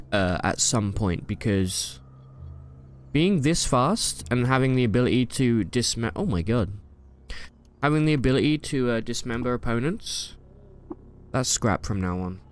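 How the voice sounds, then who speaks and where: A man's voice: medium pitch, slight background noise. Jokey young man commentating a game. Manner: playful, jokey, trash-talks enemies. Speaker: gaming YouTuber. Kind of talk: casual gameplay commentary.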